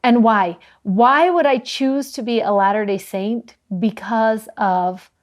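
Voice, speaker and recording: A woman co-hosting a scripture study discussion, telling stories earnestly and slowing down to stress key words. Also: fairly high pitch. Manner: earnest, warm storytelling with slowed emphasis. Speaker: co-host of a scripture study show.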